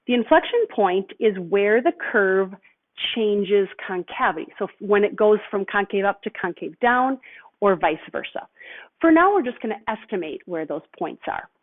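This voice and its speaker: A woman teacher explaining a math lesson patiently, step by step, slowing down on key terms. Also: medium pitch. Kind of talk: recorded video lesson. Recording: tinny phone-like audio.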